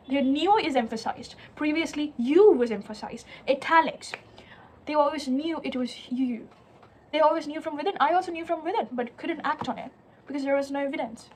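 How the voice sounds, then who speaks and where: A young woman talks through a poem line by line in a casual lecture, her voice pitched high. She sounds earnest and searching, backing up and restarting phrases as she thinks, and sometimes drops into soft, hushed tones. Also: a little fast, slight background noise. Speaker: literature teacher. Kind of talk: conversational poetry lecture.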